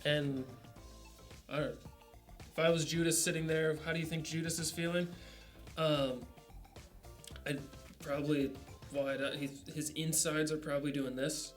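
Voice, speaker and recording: Casual rambling man, slightly high voice. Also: moderate pace, pauses often, soft background music. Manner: relaxed, rambling, full of "like" and "kinda". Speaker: devotional leader. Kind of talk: casual devotional teaching.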